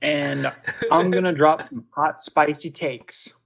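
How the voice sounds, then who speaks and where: A man doing an impression of a friend, a brash young male streamer who hypes himself up loudly. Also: on the high side, fairly even intonation, slow pace, creaky, full character voice, rough recording. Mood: hyped.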